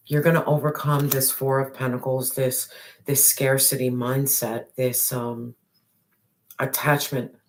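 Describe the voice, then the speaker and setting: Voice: medium pitch, little pitch movement, unhurried, a little hiss or hum. A tarot reader giving a spiritual reading straight to the viewer, emphatic and repetitive, with casual slang and the odd swear.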